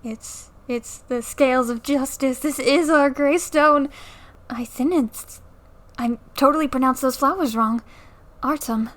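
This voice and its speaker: High-voiced young woman playing a game. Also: unhurried, a bit bright. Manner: playful, reads game dialogue aloud and jokes about it. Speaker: let's play creator. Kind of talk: casual gameplay commentary. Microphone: new desktop mic.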